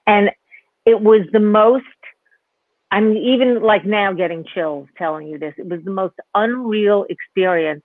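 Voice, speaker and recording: A woman's voice: medium pitch, unhurried, dry recording. A woman comedian telling stories in a casual, rambling way over a video call. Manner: rambling, with restarts and reflective asides. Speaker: guest comedian. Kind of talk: casual storytelling chat. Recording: tinny phone-like line, dry.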